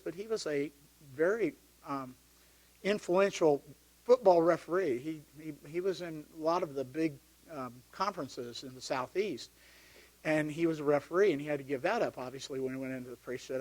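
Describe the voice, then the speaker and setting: Middle-aged male deacon, personal testimony at a parish talk, fairly high voice, animated storyteller. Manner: storytelling, animated when recounting yelling. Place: parish hall.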